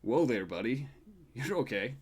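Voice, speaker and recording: A game master slips into a towering old grandfather in a tabletop game, his deep, booming voice gentle and reassuring. He teases and steadies in the same breath, with an even, mid-range pitch. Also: unhurried, breathy edge. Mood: teasing.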